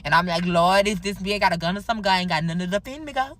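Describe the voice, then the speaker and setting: A woman telling a storytime vlog, talking straight to her viewers, swearing freely and animated. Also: on the low side, fast talker. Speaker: storytime vlogger. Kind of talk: casual storytime.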